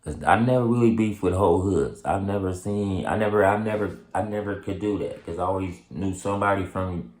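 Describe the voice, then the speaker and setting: A man telling a story in casual street slang, laughing often and acting out quotes in high excited voices. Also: fairly quick, echoey room. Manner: heavy street slang and profanity. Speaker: storyteller vlogger.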